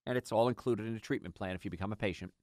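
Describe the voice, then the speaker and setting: A middle-aged man hosting a health radio show, telling patient stories in an animated, conversational way. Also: fairly low pitch, rapid-fire, dry recording, studio quality. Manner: animated storytelling, acts out patients' lines.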